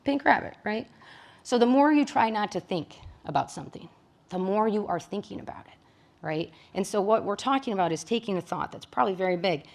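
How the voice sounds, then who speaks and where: A woman's voice: medium pitch, animated, fairly quick, darkish tone. A woman psychologist from Michigan giving a talk to caregivers in a conversational way, often checking in with her listeners. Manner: conversational, frequent tag questions. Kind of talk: presentation to caregivers.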